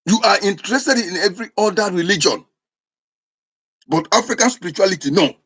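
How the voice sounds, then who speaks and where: A man's voice: high-pitched, lively intonation, fairly quick, fairly bright tone, breathy edge. A man with an Igbo accent, a traditional spiritual teacher preaching in a scolding, insistent way, often restarting his words. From southeastern Nigeria. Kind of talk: impassioned preaching to camera.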